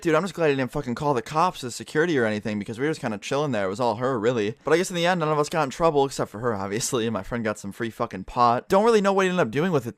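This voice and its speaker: A man's voice: medium pitch, no room sound, studio quality. A young man vlogging and streaming, telling a story in a casual way and swearing constantly. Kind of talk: storytime vlog.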